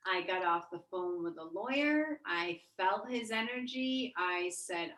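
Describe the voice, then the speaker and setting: A woman's voice: medium pitch, expressive, measured pace, hardly any pauses, bright, forceful tone. Emotive woman in a roomy echo. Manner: emotive, swearing, spiritual wording. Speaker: co-host. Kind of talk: casual heart-to-heart chat.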